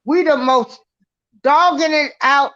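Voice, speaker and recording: A woman on a live stream panel, giving an unhurried, drawn-out recap with fillers in casual talk. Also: high-pitched, fairly bright tone. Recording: dull, muffled stream audio.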